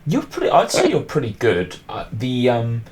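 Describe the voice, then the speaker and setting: A man's voice: mid-range voice, wildly swooping pitch, moderate pace, a little mellow. A man hosting a podcast, chatting casually and rambling with lots of restarts and fillers. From England. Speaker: podcast host.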